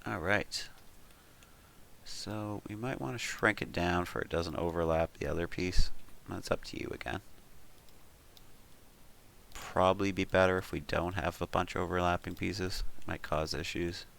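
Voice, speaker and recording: A man's voice: low-pitched, steady tone, moderate pace, vocal fry, long pauses, a bit bright, a little hiss or hum. A man hosting a 3D modeling tutorial, talking casually and thinking aloud with frequent ums and uhs as he talks the viewer through each step. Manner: talks the viewer through steps with "we'll" and "you could". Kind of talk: casual screen-recorded tutorial.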